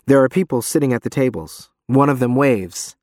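A man's voice: medium pitch, normal speed, a little mellow, no echo, studio quality. A man narrating a story in first person. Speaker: audiobook narrator. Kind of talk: scripted narration.

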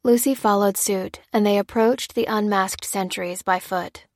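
Woman audiobook narrator, steady measured reading, mid-range voice, dry close sound. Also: mid-range voice, dry recording. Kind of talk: scripted narration.

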